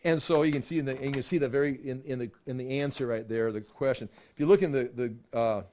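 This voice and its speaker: A man teaching a casual Bible study, acting out the dialogue in his own voice and laughing as he gets animated. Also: mid-range voice, quick pace.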